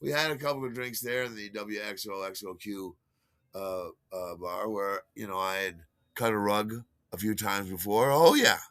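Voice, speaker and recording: A man's voice: lowish voice, moderate pace, fairly bright tone, no echo. An older man telling a rambling personal story, full of fillers, restarts and chuckles at his own tale. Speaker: podcast host.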